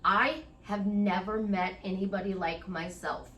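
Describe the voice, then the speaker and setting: A woman's voice: medium pitch, fairly even intonation, a little slow, a bit bright, distant mic, dull audio. A middle-aged woman life coach giving a chatty, rambling motivational monologue, speaking straight to the listener. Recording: echoey room, voice off-mic.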